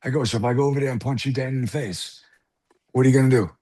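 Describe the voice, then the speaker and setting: A middle-aged man from the South Bronx, guesting on an interview, tells a story with swearing and acted-out voices. His voice is husky, and his pitch sits in the middle. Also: rapid-fire. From South Bronx, New York. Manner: animated, profane, acts out voices in anecdotes. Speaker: guest actor.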